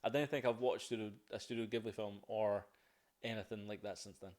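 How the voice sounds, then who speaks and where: A man's voice: fairly low pitch, steady tone, brisk, a crowd in the background. A man chatting on a casual podcast, blunt and swearing a lot. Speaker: podcast co-host. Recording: loud background noise.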